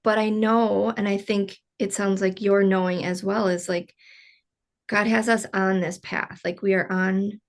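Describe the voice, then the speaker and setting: A woman's voice: medium pitch, little pitch movement, measured pace. A woman hosting a casual podcast interview, talking earnestly with lots of "like" and "you know". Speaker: podcast host.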